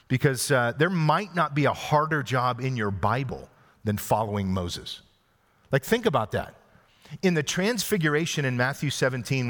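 A man's voice: mid-range voice, a bit bright. A male pastor giving an expository sermon in a conversational way, asking the congregation questions as he goes. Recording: long hall reverb.

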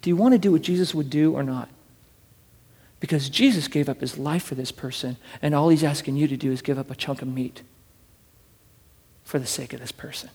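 A man preaching a sermon from scripture, fervent, swinging between loud urging and hushed asides and repeating words as he builds a point. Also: on the high side, brisk, long pauses, slightly rough, in a large hall. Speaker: pastor.

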